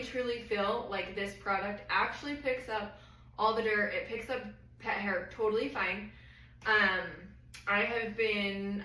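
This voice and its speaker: A woman's voice: mid-range voice, pushed and bright. A woman giving a casual, enthusiastic product review, chatty and full of fillers. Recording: roomy echo, mic at a distance, faint noise.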